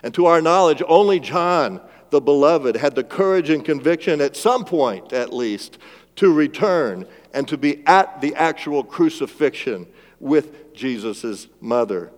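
A man preaching a sermon as pastor, swinging between loud emphatic lines and hushed, drawn-out phrases and calling for responses from the congregation. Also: on the high side, lively intonation. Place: church sanctuary. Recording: long reverb of a large church hall.

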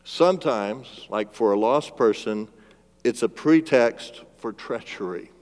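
A man preaching a sermon as pastor, swinging between loud emphatic lines and hushed, drawn-out phrases and calling for responses from the congregation. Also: mid-range voice. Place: church sanctuary. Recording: long reverb of a large church hall.

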